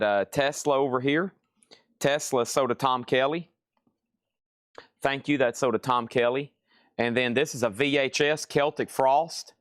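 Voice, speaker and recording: Male live-sale host, brisk and chatty, mid-pitched, dry room. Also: fairly bright tone, clean tone, dry recording. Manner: brisk item-and-price listing, chatty asides. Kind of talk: live-stream sales patter. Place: record shop.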